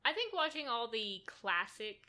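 A woman co-hosting a podcast in casual chat, dry and teasing, and quick to object. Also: on the high side, very animated, pushed and bright. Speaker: podcast co-host.

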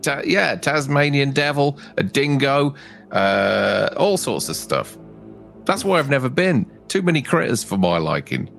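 Lively, laughing male podcast co-host. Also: mid-range voice, a little slow, gravelly, faint music behind. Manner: animated, laughs often, mimics lines. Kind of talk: casual movie review chat.

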